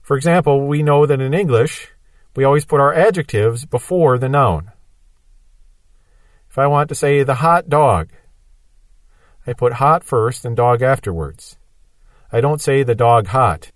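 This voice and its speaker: A man's voice: medium pitch, animated, a little slow, long pauses, dry recording. A man giving a Bible prophecy lesson, explaining patiently with everyday examples. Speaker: Bible teacher.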